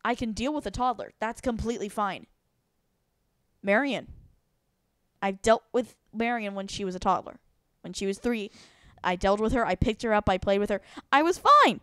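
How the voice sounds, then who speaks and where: A woman's voice: medium pitch, animated, moderate pace, a bit bright, dry recording, clean studio sound. A woman co-hosting a casual podcast chat, anxious and self-deprecating, laughing as she talks. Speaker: podcast co-host.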